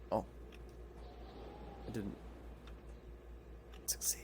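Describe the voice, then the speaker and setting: A man's voice: mid-range voice, takes it slowly, long pauses. A man giving casual let's play commentary on a horror game, joking, swearing and reacting jumpily.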